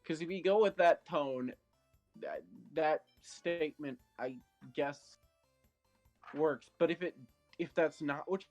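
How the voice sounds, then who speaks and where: A man reacts to a story in casual chat, blunt and prone to swearing. His voice sits fairly high, and he rambles through restarts while faint music plays behind. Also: takes it slowly, darkish tone.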